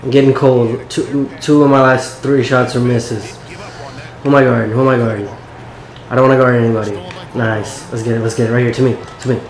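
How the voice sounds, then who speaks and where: A man talks through his own game in a loose, excitable way, swearing and calling for the ball. His voice sits at an ordinary middle pitch. The room around him adds a noticeable echo. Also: fairly quick. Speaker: gaming YouTuber. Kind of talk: casual gameplay commentary.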